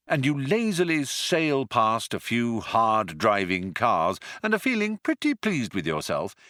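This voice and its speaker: A man's voice: mid-range voice, sing-song, unhurried, bright, forceful tone, no echo. A man narrating an audiobook in a dry, wry storytelling manner. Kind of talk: scripted narration.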